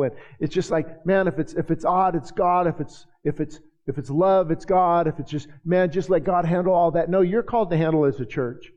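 A man preaching a sermon in a church, joking with the congregation and building to shouted passages. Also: a little high. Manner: jokey asides to the congregation. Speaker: pastor. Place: church sanctuary. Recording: hall reverb, dull lo-fi sound.

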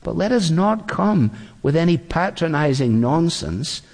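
A man preaching a sermon in a measured, deliberate way, acting out the quotes he reads. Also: a little high, big pitch swings, gravelly, a little mellow. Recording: long reverb of a large hall.

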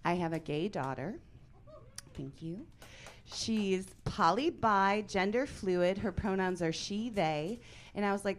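A woman's voice: medium pitch, animated, moderate pace. A woman in her forties doing stand-up comedy in a brassy, punchy, self-deprecating way. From Italian-American.

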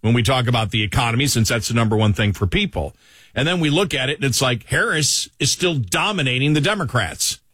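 A man's voice: medium pitch, animated, a little fast, bright, forceful tone, husky, no room sound. A man with a Buffalo accent hosting a radio talk show in casual, conversational chat, with lots of "you know".

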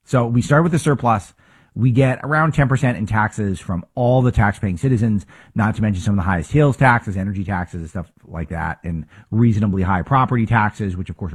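A man with a lowish, husky voice runs a political talk show. He talks in an emphatic, opinionated way, piling up rhetorical questions and restarting sentences as he goes.

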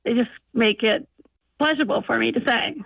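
A woman's voice: fairly high pitch, a little fast, creaky, fairly bright tone, dry recording, poor audio. A woman from North Dakota calling in to a radio show, chatting eagerly with a few hesitant ums. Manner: enthusiastic, slightly hesitant with ums. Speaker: caller. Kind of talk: casual phone-in chat.

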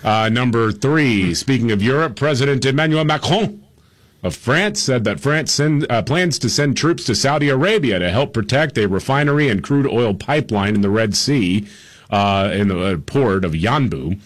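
A man's voice: medium pitch, lively intonation, moderate pace. Radio co-host guy reading the headlines, dry little asides, lots of uhs. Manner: reads news items, dry asides, lots of "uh". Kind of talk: casual radio talk show banter. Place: radio studio.

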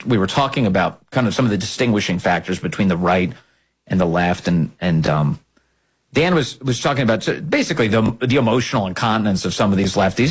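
A man's voice: medium pitch, breathy edge. A man hosting a political commentary show, delivering an emphatic, scornful monologue with repeated phrases.

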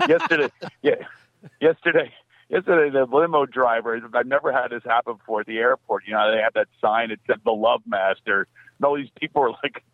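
A man calling in to a radio comedy show, spinning anecdotes and acting out little voices. His pitch swings up and down, and he laughs at his own lines. The line is dry and muffled. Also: moderate pace, no room sound. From Philadelphia. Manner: animated storytelling, acts out voices and laughs often. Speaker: comedian guest. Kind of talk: radio call-in comedy chat.

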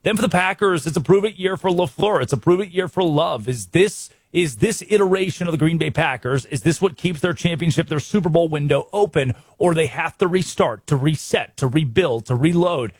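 An American man hosting a sports radio show, brisk and wry, full of rhetorical questions. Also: a little high, husky, no echo. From United States.

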